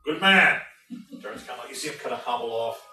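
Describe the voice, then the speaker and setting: A man with a Southern accent narrating as game master, lively and halting, with frequent restarts. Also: medium pitch. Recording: very echoey room, mic far off, music behind.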